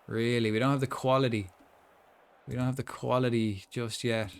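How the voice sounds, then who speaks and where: A man's voice: medium pitch, fairly even intonation, normal speed, clean tone. A young man chatting casually while commentating his own football management game, rambling with lots of asides. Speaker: gaming streamer.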